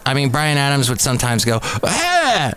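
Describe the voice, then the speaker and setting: A man in his fifties hosts a casual solo podcast from a café, his mid-range, fairly bright voice expressive and measured. He rambles through the news, dropping self-deprecating asides. Faint music plays in the background, and there's a little hiss or hum.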